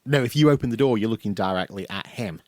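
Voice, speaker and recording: A man's voice: lowish voice, fast talker, no echo. A young man, co-hosting a casual podcast chat, telling an anecdote with lots of laughter. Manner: animated storytelling, laughing, acting out voices. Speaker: podcast co-host.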